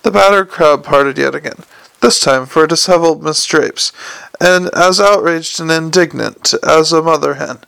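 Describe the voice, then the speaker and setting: A man narrating a novel aloud in a wry, measured reading with occasional slips. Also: a little high, creaky, fairly bright tone, clear, resonant tone, poor audio. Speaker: audiobook narrator.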